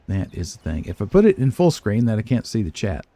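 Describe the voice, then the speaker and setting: Very animated and brisk, an older man with a fairly low, dark voice narrates his video game play on a dry recording. He stays chatty and hesitant, talking to himself and making fun of his own fumbling.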